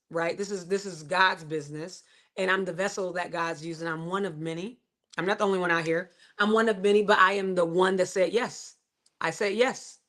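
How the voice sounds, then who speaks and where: A woman's voice: medium pitch, a bit bright. A middle-aged woman, hosting a livestream and giving a motivational faith talk with emphatic, repetitive phrasing. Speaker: livestream host.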